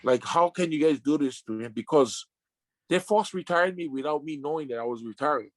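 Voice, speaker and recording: A man in his fifties, a retired sumo wrestler, telling his story in an interview with emotional, halting restarts and casual slang. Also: on the high side, no room sound. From Samoan family.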